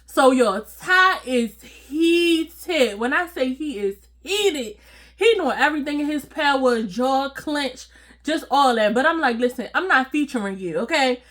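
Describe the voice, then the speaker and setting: A woman telling a personal story to her viewers in a casual, animated, slangy way, often breaking into laughter. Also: high-pitched, takes it slowly. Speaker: storytime vlogger.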